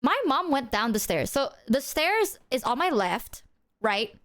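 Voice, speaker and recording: High-voiced woman telling animated stories. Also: measured pace. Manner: animated storyteller, swears freely, acts out quotes. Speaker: streamer. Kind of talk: casual chat on a stream.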